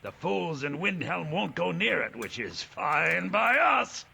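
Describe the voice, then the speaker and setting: Boastful video game pirate, lively up and down drawl, old-time pirate accent. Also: male voice, fairly high pitch, creaky, husky, full character voice. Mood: swaggering. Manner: theatrical, drawn-out pirate drawl. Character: swaggering male pirate captain, boastful and sly.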